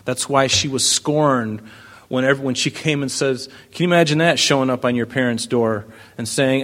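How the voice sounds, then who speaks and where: A man's voice: medium pitch, moderate pace. Emphatic man preaching. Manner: emphatic, rising to loud declarations, with rhetorical questions. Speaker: pastor. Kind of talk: sermon, reading and expounding scripture.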